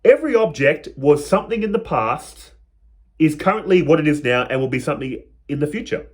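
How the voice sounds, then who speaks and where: A man with a fairly high voice hosts a casual spiritual talk. He speaks earnestly, and his pitch swings widely as he lingers over lists of words. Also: lively intonation, fairly quick. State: out of breath. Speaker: spiritual video host.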